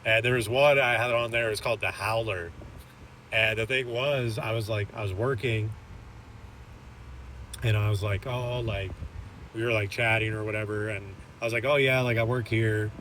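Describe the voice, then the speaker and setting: A man's voice: on the low side, steady tone, moderate pace, long pauses, bright, forceful tone, slight background noise. A young man casually telling a story while playing a game, rambling with lots of filler words and chuckling to himself. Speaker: gaming channel host. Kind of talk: casual storytelling over gameplay.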